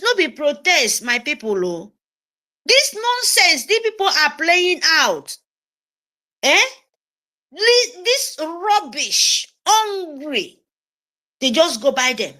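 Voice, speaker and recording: A woman's voice: sits high, very animated, slow, pauses often, sharp tone. A woman with a Nigerian English accent mixed with Pidgin, giving a fervent, scolding political monologue and repeating phrases for emphasis.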